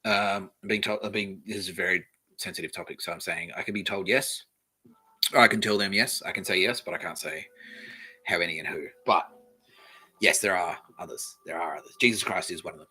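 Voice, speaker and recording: A man's voice: low-pitched, brisk, pushed and bright, husky, poor audio. A man with an Australian accent hosting a comedy podcast, rambling through a crude, swearing, giggly monologue. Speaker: podcast host.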